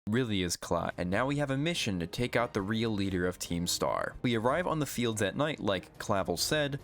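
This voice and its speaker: A man's voice: on the low side, lively intonation, normal speed. A young man giving sarcastic, dry, scripted comedic narration of a game video. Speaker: gaming video creator.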